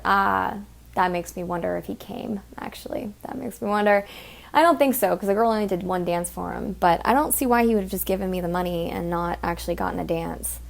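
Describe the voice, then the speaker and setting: A woman's voice: medium pitch, fairly quick, gravelly. Blunt, profane woman telling a story. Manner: blunt and profane, heated, mimics others. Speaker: podcast host. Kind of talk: casual storytelling monologue.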